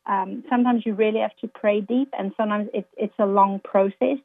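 A woman's voice: mid-range voice, fairly even intonation, a little fast. An earnest woman guest gives motivational, scripture-quoting answers in a faith-based interview. Her voice comes through a tinny, phone-like line from a remote call. The sound is dry, with no room echo. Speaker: guest speaker.

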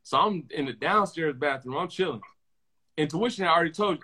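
A young man hosts a casual podcast, using slang and telling animated stories full of repeated phrases. His voice is a little high and brisk, with a breathy edge.

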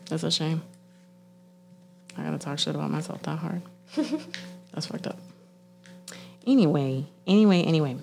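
Casting: young woman, low voice, blunt, profane, casual podcast chat. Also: normal speed, gravelly, long pauses, darkish tone, faint music behind. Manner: blunt, swears often, laughs a lot.

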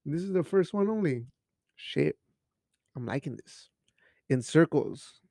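This podcast host sounds fairly high-pitched, gravelly, and a little mellow, talking animatedly at a measured pace. Alone on a casual show, he rambles, jokes, swears plenty, uses Spanish phrases, and sips beer. The studio sound is clean, with no room sound.

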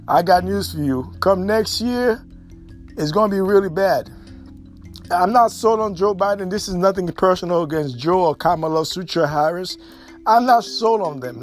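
Man, podcast host, slightly high voice, opinionated monologue, lots of ums and restarts, faint music behind. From United States. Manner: opinionated, repetitive, many fillers and restarts.

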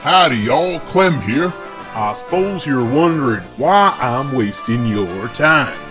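Guy putting on a slow twangy southern hick drawl, sing-songy, music under it. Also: medium pitch, animated. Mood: folksy. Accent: Southern US (put on). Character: folksy drawling male country yokel. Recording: music bed behind.

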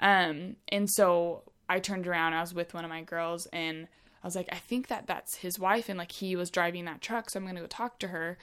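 A woman's voice: lowish voice, steady tone, fairly quick, fairly bright tone. A young woman telling a story in casual chat, chatty with many fillers.

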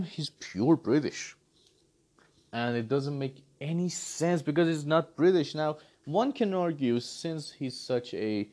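Animated man ranting in a review. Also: mid-range voice. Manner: animated, exasperated critique with sarcasm. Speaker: movie reviewer. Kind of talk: casual movie review commentary.

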